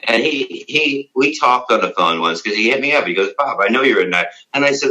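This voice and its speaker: A man's voice: mid-range voice, lively intonation, brisk, few pauses, pushed and bright, poor audio. A middle-aged man being interviewed, telling blunt, profane, rambling stories about his radio days. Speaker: interview guest, former radio show staff. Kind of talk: casual interview.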